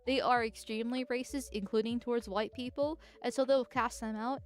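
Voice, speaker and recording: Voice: medium pitch, fairly even intonation, a little fast, soft background music. A political vtuber streamer chatting casually and reading chat, speaking through a voice changer in a rambling, giggly way. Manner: rambling and giggly, with frequent restarts.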